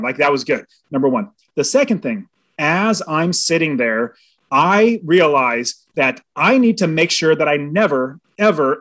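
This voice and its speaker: A middle-aged man from California, a podcast guest telling a personal story with lively delivery and acted-out inner thoughts. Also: fairly high pitch. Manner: animated storyteller, acts out quotes and inner thoughts.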